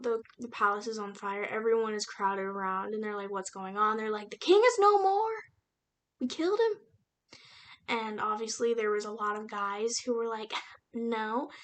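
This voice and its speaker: A young woman casually retelling a novel's plot in a chatty, slangy book review vlog, with lots of fillers. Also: a little high. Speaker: book reviewer and aspiring writer.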